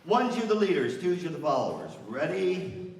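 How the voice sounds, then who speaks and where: Energetic male workshop presenter, slightly high voice, distant mic, very echoey hall. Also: normal speed. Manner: energetic, coaching participants through a partner exercise. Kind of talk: interactive workshop with audience exercise. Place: large hall with an audience. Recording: far-off echoey hall with room noise.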